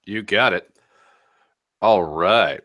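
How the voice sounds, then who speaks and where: A man's voice: low voice, very slow, a bit bright, no room sound. A man co-hosting a fantasy football podcast, breaking down a matchup in a laid-back way with chuckling asides. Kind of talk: casual podcast matchup analysis.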